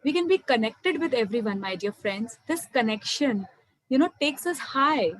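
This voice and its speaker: A woman's voice: a little high, expressive, moderate pace, rough recording. A young woman giving an earnest spiritual talk on meditation, often calling her listeners "my dear friends". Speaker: meditation speaker. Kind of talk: spiritual talk to an online audience.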